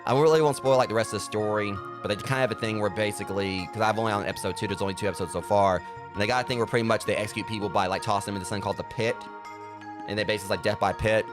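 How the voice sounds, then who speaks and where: A man hosting a let's play, chatting casually and rambling from thought to thought with plenty of fillers. His voice sits a little low and he talks quickly. Game music plays clearly behind him. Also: fairly even intonation. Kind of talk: casual gameplay commentary.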